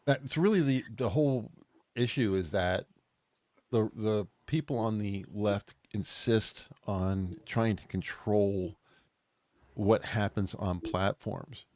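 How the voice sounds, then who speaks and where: A man's voice: fairly low pitch, slow, darkish tone, no room sound. Rambling man hosting a casual stream. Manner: rambling, filler-heavy, laughs at himself. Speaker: podcast host. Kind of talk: casual political chat stream.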